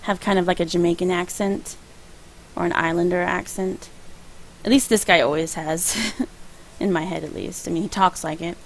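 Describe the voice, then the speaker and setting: A woman's voice: fairly low pitch, fairly even intonation, a little fast, slight background noise, poor audio. A woman casually commenting on her video game playthrough in a chatty, rambling way, often laughing at her own jokes. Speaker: let's play host.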